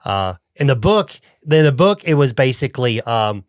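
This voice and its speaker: A man's voice: mid-range voice, very animated, normal speed, no room sound, studio quality. A man co-hosting a podcast, recapping a film in rambling casual chat and acting out quotes in a raised voice. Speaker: podcast co-host.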